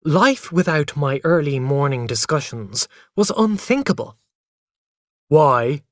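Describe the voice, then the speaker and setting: Slow, lively-voiced male story reader. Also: fairly high pitch, no echo, studio quality. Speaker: narrator. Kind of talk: slow story reading for learners.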